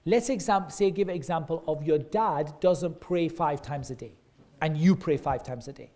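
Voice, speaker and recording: A man's voice: fairly high pitch, normal speed, a little mellow. A man teaching a class of children, asking them questions and praising and repeating their answers back. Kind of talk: interactive lesson for kids.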